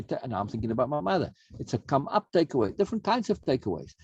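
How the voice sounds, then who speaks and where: A man's voice: on the high side, vocal fry, warm tone, slightly rough, dry recording, muffled recording. A man teaching an online self-help course in a conversational way, often repeating words and checking in with "right?". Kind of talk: recorded online course talk.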